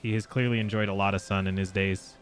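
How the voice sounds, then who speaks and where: A man live-streaming a game, chatting casually and excitably with his viewers and swearing freely. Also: on the low side, fast, soft background music. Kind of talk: casual live gameplay chat.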